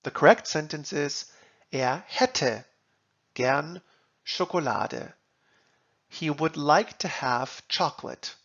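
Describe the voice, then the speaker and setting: A man teaching German grammar, reading example sentences and translating them in a slow, deliberate lesson. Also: on the high side, animated, a bit bright, lo-fi sound.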